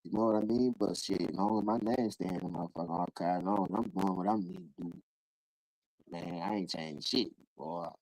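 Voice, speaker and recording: A man hosting a live call-in stream, ranting in casual, profane street talk and jumping into high-pitched voices when he quotes people. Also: a little fast, vocal fry, dry recording, poor audio. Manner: animated, profane, acts out quoted voices in sudden high bursts. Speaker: livestream host.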